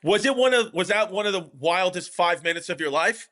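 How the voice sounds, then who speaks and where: Guy hosting a comedy pod, kinda high voice, rambles, restarts everything, full of ums. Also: expressive, fairly quick, pushed and bright. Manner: rambling storyteller, many fillers and restarts. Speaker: podcast host. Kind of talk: casual comedy podcast chat.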